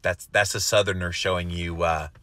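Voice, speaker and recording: A middle-aged man with a Southern US accent talks through viewer comments in a relaxed, earnest, folksy way, humming little filler syllables between them. His voice is fairly low but bright and forceful, and the sound is close and dry. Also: moderate pace, dry recording. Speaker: host reading viewer comments. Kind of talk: casual live-stream chat.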